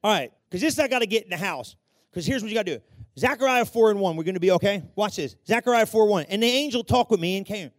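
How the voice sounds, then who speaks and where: A male preacher with a strikingly high-pitched voice delivers a fiery sermon. He swings from shouted peaks to hushed, intimate passages and acts out the voices in his story. The sound is close and dry, with no room echo. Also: animated, quick pace.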